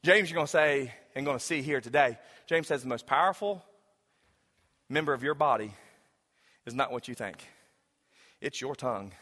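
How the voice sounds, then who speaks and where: A man's voice: medium pitch, animated, moderate pace, long pauses, pushed and bright, big-room sound. A man preaching a sermon to a congregation in a casual, joking way, then building to emphatic preaching. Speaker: pastor.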